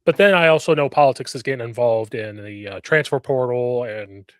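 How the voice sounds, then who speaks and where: Man, blunt animated storyteller, casual sports chat, dry close mic. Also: mid-range voice, a little fast, no room sound.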